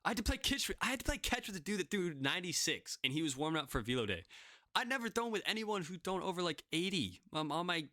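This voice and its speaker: A man's voice: high voice, very animated, fast, sharp tone, no room sound, studio quality. A young man casually telling self-deprecating stories, rambling with lots of fillers. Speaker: podcast guest pitcher. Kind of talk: casual storytelling.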